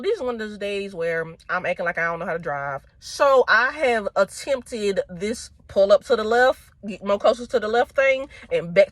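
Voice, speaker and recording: A woman's voice: medium pitch, a bit bright, dry recording. A young woman truck driver, telling a story casually and animatedly, often laughing and quoting others.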